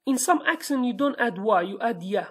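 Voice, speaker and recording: A woman's voice: a little high, expressive, normal speed, fairly bright tone, slightly rough. A woman with a Kurdish accent and Kurdish as her first language, teaching a language lesson patiently step by step and often checking with "okay?". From Iraqi Kurdistan, Sulaymaniyah.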